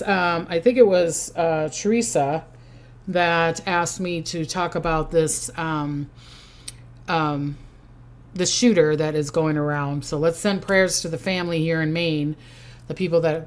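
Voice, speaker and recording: Older woman, Minnesota accent, lowish voice, rambling and chatty as a psychic hosting a casual livestream. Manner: chatty and rambling, reading out viewer comments. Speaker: psychic host.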